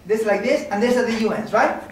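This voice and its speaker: A man lecturing on mathematics in a relaxed seminar style, his voice pitched fairly high. He talks conversationally, checking in with the audience as he goes. The sound is heavily echoey and distant, picked up from across the room. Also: brisk, a little hiss or hum. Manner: conversational, checks in with "okay?" and "right?".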